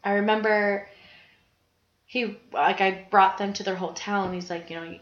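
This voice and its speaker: A young woman casually co-hosting a chat, telling animated stories and swearing freely. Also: mid-range voice, normal speed. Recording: roomy, slightly dull sound.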